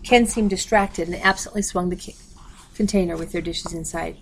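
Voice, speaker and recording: Audiobook reader: woman, steady and unhurried, low with vocal fry. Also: slight background noise, poor audio. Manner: steady, plain, reads page numbers. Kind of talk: reading a novel aloud.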